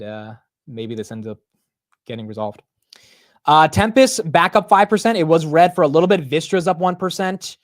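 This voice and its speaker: A man's voice: fairly high pitch, no echo, clean studio sound. A young man hosting a live market stream, chatting casually about stock prices and answering his chat with "bro" and "dude". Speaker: livestream market commentator.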